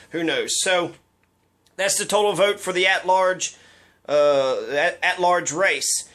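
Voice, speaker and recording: Brief: male local commentator, high bright voice, blunt and sarcastic, swears freely. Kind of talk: casual political commentary.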